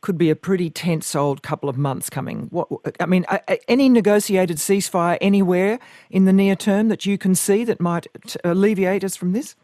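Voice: medium pitch, a little fast, dark tone, dry recording, clean studio sound. A radio host asking probing questions in a conversational, slightly hesitant way.

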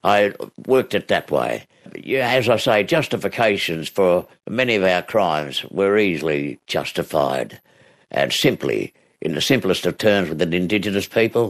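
With a low, gravelly voice and lively intonation, this Australian man speaks unhurriedly. He's an actor being interviewed, looking back on past stories, doing voices and laughing as he goes.

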